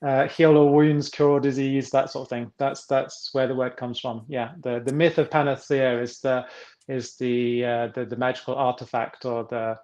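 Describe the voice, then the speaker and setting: A man's voice: medium pitch, little pitch movement, moderate pace, a little mellow, dull audio. A middle-aged man from England, a guest author speaking casually in a rambling way, with many restarts and fillers. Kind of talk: casual interview chat.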